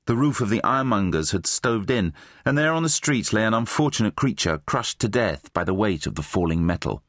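This children's fantasy audiobook is narrated by a man whose voice is fairly low and brisk. He reads the script expressively and gives many characters their own voices, captured in clean studio sound with no echo.

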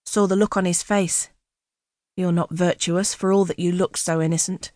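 A woman's voice: lowish voice, fairly even intonation, moderate pace, darkish tone, no room sound, studio quality, lightly acted. A woman voicing a sneering, sallow coach passenger. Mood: prying. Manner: suspicious, prying, mocking.

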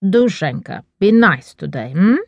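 Brief: scheming Russian mother with broken English, put on by a woman narrator, husky and unhurried. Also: fairly low pitch, very animated, no room sound, muffled recording, full character voice. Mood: coaxing.

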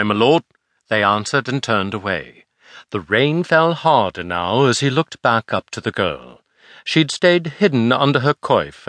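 Brief: male narrator, lively pitch, dry close studio read of a historical novel. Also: no room sound. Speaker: audiobook narrator.

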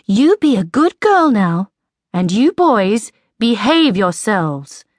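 Woman narrator as a storybook mother koala, firm and motherly, lively pitch, slow delivery. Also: no echo, studio quality. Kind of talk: audiobook character voice.

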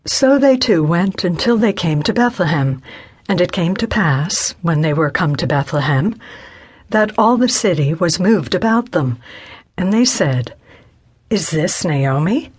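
A woman narrating scripture in an audiobook with a measured, solemn reading. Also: on the low side, animated, breathy edge.

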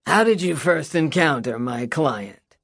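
Lady putting on a flamboyant lawyer guy, slow silky drawl, low and dry. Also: lively intonation, vocal fry, slightly rough, no room sound, full character voice. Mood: silky mocking. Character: flamboyant middle-aged male defense lawyer, theatrical. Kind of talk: audiobook character voice.

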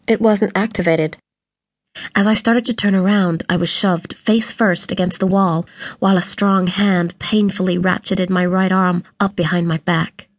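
A woman reading a first-person audiobook in a steady, tense storytelling manner into a close mic. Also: on the low side, no room sound. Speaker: audiobook narrator.

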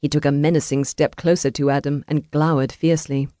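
A woman's voice: sits low, level tone, brisk, dark tone, dry recording. Woman narrating an audiobook, dry close sound. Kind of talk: scripted narration of a historical romance.

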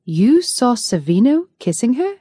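A woman playing an urgent, forceful young nobleman pleading with his prince, audiobook. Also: fairly high pitch, very animated, unhurried, slightly rough, dry recording, studio quality, voice pushed up, full character voice. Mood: indignant. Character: indignant young nobleman, loyal cousin.

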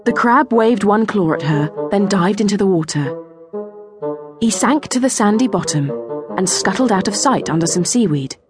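A woman narrating a children's audiobook in a gentle storytelling manner. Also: mid-range voice, normal speed, music in the background. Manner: gentle storytelling, lively intonation. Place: recording studio. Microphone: close studio mic.

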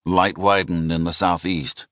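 A man narrating a thriller audiobook in a measured, descriptive manner. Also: low-pitched, steady tone, a bit bright, no room sound, clean studio sound. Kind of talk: scripted narration.

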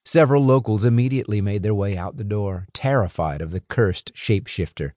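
A man narrating a fantasy audiobook in a dramatic, expressive way, close to a studio mic. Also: lowish voice, fairly quick, hardly any pauses, no echo. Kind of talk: scripted narration.

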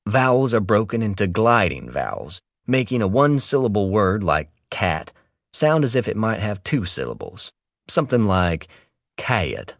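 A man narrating a nonfiction audiobook in a wry, expressive reading with playful asides, recorded close on a studio microphone. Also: on the low side, normal speed, no room sound.

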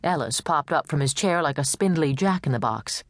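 A woman reading a suspense novel in a measured, even voice. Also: low voice, no room sound, clean studio sound. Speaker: audiobook narrator. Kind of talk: scripted narration.

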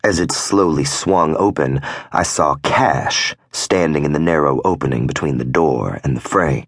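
A man narrating a first-person audiobook in a gruff, growling way, with profane tough-guy dialogue. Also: very deep voice, unhurried, no room sound, clean studio sound.

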